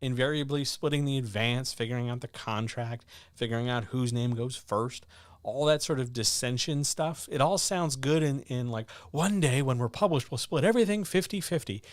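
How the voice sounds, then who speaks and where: Male livestream host, mid-pitched, blunt and sardonic, dry close mic. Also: moderate pace, no room sound. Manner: blunt, sardonic, animated, with sudden jumps in pitch. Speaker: host of a writing advice livestream. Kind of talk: casual livestream chat answering viewer questions.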